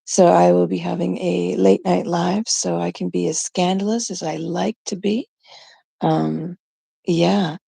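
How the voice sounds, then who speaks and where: Canadian lady rambling on her livestream, super gravelly, slow, giggly. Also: on the low side, fairly even intonation, dark tone, no echo. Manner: rambling, giggly, mock-exasperated retellings. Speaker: live stream host. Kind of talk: casual live stream chat.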